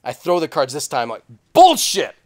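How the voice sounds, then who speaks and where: A man's voice: fairly high pitch, expressive, fairly quick, a bit bright. A man co-hosting a casual podcast chat in a studio, telling profane stories with lots of animation. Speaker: podcast co-host. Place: studio, sitting on couches.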